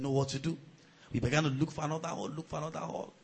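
A man preaching a sermon as pastor. His delivery swings between loud, shouted surges and quieter storytelling. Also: on the high side, fairly even intonation, very fast, creaky, slightly rough, low-quality recording.

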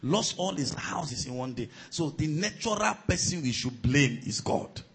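A man preaching a sermon as pastor. His delivery swings between loud, shouted surges and quieter storytelling. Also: fairly high pitch, lively intonation, moderate pace, husky, poor audio.

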